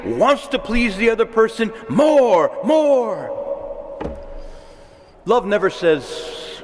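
A man's voice: high-pitched, in a large hall. A man preaching a sermon, emphatic, repeating key words and asking the congregation for agreement.

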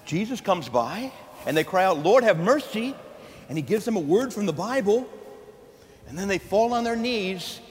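Male priest, high animated voice, preaching with call-and-response in a reverberant church. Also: a little hiss or hum. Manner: lively, call-and-response with the congregation, folksy asides. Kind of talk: sermon. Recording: long hall reverb in a church, faint ambience.

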